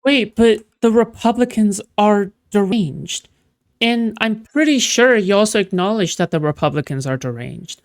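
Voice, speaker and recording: A woman's voice: medium pitch, animated, normal speed. A woman streamer mocking a clip in casual, sarcastic reaction commentary.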